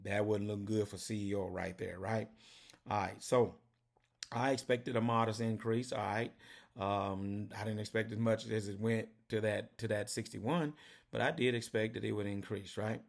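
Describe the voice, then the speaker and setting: A man's voice: on the low side, steady tone, moderate pace, gravelly. A man talks through his trucking business costs in a casual vlog. His manner is folksy and direct, and he keeps checking in with his viewers. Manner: folksy, repeats "right?" and "did you get that?".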